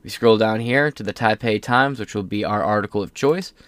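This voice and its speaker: Low-voiced sarcastic man hosting solo commentary. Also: fairly quick, fairly bright tone, dry recording. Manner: rambling, sarcastic, swears casually; stumbles while reading aloud. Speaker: political commentary host. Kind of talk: casual solo commentary reading news.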